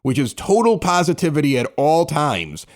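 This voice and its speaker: A man co-hosting a sports podcast, ranting in a casual, animated way. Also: a little high, moderate pace. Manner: animated, ranting, acts out others' words. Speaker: podcast co-host.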